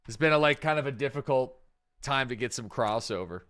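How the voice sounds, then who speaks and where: A man chatting casually while he streams a game, mid-pitched and unhurried. He thinks out loud, trailing off and circling back with lots of fillers. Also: expressive, clear, resonant tone. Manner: rambling, thinking aloud with many fillers. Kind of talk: casual live-stream gameplay chat.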